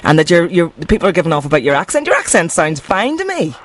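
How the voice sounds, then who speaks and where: A radio host with a Northern Irish accent, interviewing a guest in a brisk, friendly manner. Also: medium pitch, huge pitch swings. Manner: brisk, friendly, laughs often. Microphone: studio microphone.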